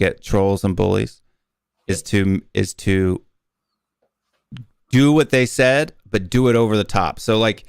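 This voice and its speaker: Smooth low-voiced American man. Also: dry recording, studio quality. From United States. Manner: explains at length with fillers and restarts. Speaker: guest football YouTuber. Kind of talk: casual interview chat.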